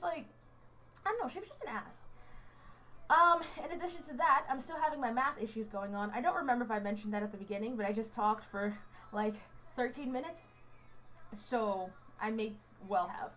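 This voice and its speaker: A woman's voice: high voice, fairly bright tone. A young woman in her twenties from the United States, a student vlogging in a casual, rambling way with lots of fillers and restarts, a bit fidgety. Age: 20s. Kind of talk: casual chat. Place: indoors under a hot light.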